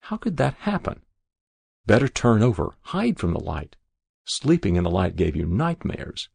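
Male audiobook narrator, husky low voice, very dry close sound. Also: huge pitch swings, moderate pace, darkish tone, no room sound. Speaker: reader.

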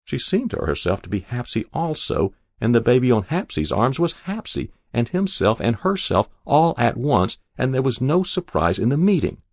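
A man narrating a literary short story in a measured, expressive way. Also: medium pitch, dry recording, clean studio sound. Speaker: reader.

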